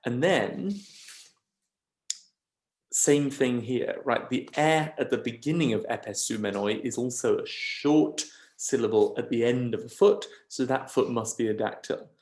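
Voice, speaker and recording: A man's voice: medium pitch, measured pace, a little mellow, reverberant. A man teaching a recorded lesson, explaining step by step in a patient way with frequent ums and checking questions. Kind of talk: recorded video lesson on scanning verse.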